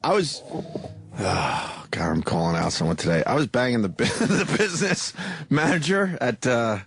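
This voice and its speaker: A man's voice: mid-range voice, very animated, moderate pace, vocal fry, fairly bright tone, husky, no echo. Blunt, profane male radio co-host. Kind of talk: casual radio talk. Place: radio studio. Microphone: studio mic.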